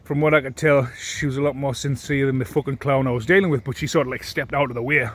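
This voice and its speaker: A man's voice: mid-range voice, steady tone, quick pace, fairly bright tone. A man, ranting into his phone with heavy swearing and indignant repetition. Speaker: vlogger. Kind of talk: ranting monologue to camera.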